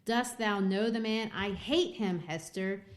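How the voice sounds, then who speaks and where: A woman reading a tormented puritan minister, pleading, high and raised. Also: measured pace, close to an everyday voice. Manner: pleading, archaic speech. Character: anguished guilt-ridden male puritan minister.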